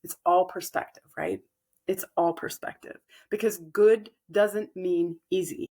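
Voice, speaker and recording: A woman co-hosting a podcast, calmly explaining spiritual ideas and acting out inner dialogue. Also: lowish voice, measured pace. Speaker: podcast co-host. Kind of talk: casual spiritual chat.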